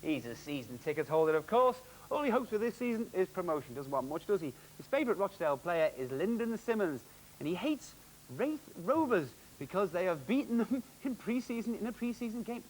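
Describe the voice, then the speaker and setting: Upbeat, lively, high-voiced male quiz host. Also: slight background noise, rough recording. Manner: jokey, upbeat, quick quizmaster delivery. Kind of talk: televised quiz hosting.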